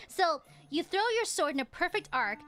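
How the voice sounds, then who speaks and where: Young woman GM, high bright voice, lively swoops, playful giggly delivery. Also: moderate pace, soft background music. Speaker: game master. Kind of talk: narrating a tabletop game on a voice call.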